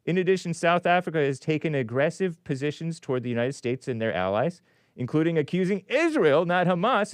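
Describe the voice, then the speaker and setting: A man's voice: medium pitch, very animated, normal speed, clear, resonant tone, no echo, studio quality. A man hosting a call-in show, reading news aloud with sarcastic, rambling asides and chuckles. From California. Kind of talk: casual live-stream commentary.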